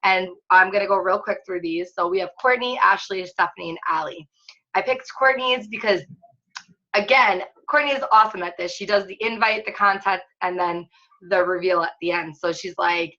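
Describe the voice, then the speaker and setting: A woman's voice: fairly low pitch, steady tone, brisk, pushed and bright, muffled recording. A woman fitness coach leading a casual online training webinar, chatty and upbeat with lots of filler words.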